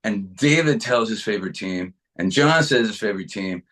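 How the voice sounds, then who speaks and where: A middle-aged man from Canada, a guitarist being interviewed, chatting in a relaxed, rambling way with many restarts. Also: fairly low pitch, moderate pace. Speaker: guitarist guest. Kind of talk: casual interview chat.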